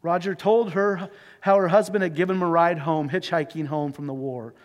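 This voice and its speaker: A man's voice: a little high, steady tone, normal speed. A male pastor telling a story in a sermon and leading a closing prayer, in an earnest, emotive way. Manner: earnest, emotive retelling with shifting pace. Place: church sanctuary. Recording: church hall reverb.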